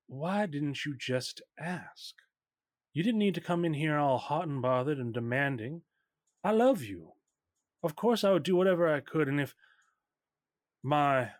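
A man's voice: medium pitch, dry recording, studio quality, natural voice. A man voicing a doting but manipulative estranged mother who coos pet names and lays on guilt. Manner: syrupy, guilt-tripping, calls her honey and darling.

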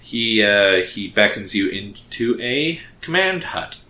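A man's voice: lowish voice, takes it slowly. Game master guy narrating the session, laid back, lots of uhs, echoey room. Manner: relaxed narration with many uh fillers.

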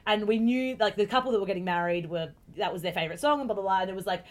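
A woman's voice: mid-range voice, rapid-fire. A young adult woman co-hosting a podcast, telling stories in casual chat and often breaking into laughter. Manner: laughing, animated storytelling. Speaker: podcast co-host.

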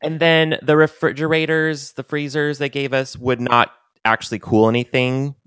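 Man, podcast co-host, relaxed casual chat, smooth resonant voice, dry close recording. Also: mid-range voice, normal speed, no room sound.

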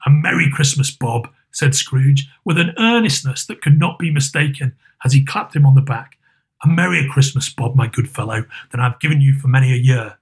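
Old storybook miser, gruff and emphatic, dropping lower as a male reader plays him. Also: moderate pace. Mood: gleeful. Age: older. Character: reformed old miser, gruff but gleeful.

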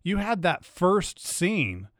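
A man's voice: high voice, sing-song, takes it slowly, vocal fry, no echo, clean studio sound. A man interviewing an actor, responding with enthusiasm.

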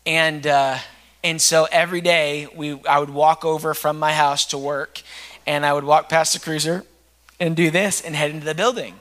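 Bright-voiced man preaching a sermon. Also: on the high side, flat delivery, normal speed. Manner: earnest storytelling preacher. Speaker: pastor.

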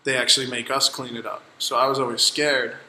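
A man's voice: medium pitch, flat delivery, a little fast, pushed and bright. A man who works in restaurants, a guest on a casual podcast, trading laid-back, dry quips. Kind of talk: casual chat. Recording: echoey room with faint noise.

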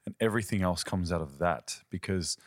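A man's voice: low-pitched, fairly quick, dry recording, clean studio sound. A man, a ministry leader and podcast guest, teaching earnestly in conversation and telling stories. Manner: earnest, storytelling, uses quoted voices.

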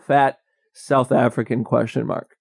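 Gravelly young man on a podcast. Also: medium pitch, level tone, unhurried, no echo, studio quality. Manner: rambling, jokey, laughs a lot. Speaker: podcast co-host. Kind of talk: casual comedic chat.

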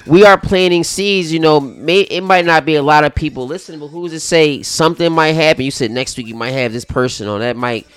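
A man co-hosting a podcast in casual chat, animated, profane and quick to interrupt. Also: on the high side, clean tone, no echo. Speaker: podcast co-host.

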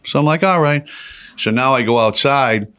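A man's voice: medium pitch, brisk, a bit bright, smooth, dry recording, clean studio sound. A man telling a rambling, profane story in casual conversation as a podcast guest.

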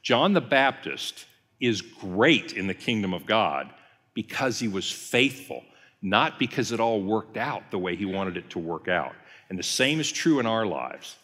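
In a long, reverberant hall, a male pastor gives a Bible-study-style teaching sermon in a conversational way, telling the story and performing the quotes. He speaks in a lowish, slightly bright voice that is very animated yet measured in pace.

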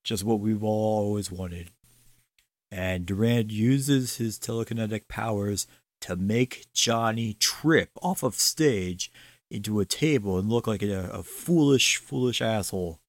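A man co-hosting a podcast recaps a TV episode in a laid-back, enthusiastic chat, swearing freely and laughing often. His voice is lowish at a measured pace, and the recording is dry.

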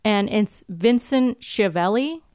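A woman's voice: medium pitch, expressive, takes it slowly, darkish tone. A woman co-hosting a podcast, recapping a TV episode in casual chat, laughing often and swearing casually. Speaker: podcast co-host.

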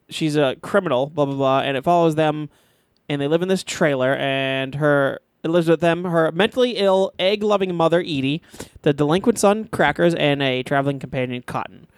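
A man's voice: a little high, clear, resonant tone, no echo, studio quality. Blunt, foul-mouthed male podcast co-host. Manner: blunt, swears a lot, laughs often. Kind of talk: casual chat.

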